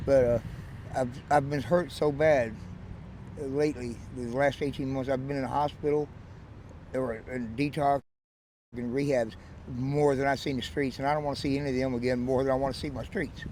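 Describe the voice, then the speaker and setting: A man's voice: mid-range voice, fairly even intonation, moderate pace, a little mellow, rough recording. Man with a West Texas drawl. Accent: West Texas Southern drawl. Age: 40s. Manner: rambling, joking storyteller who laughs often. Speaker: interviewee. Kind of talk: casual street interview. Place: outdoors by a street. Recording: outdoor street noise.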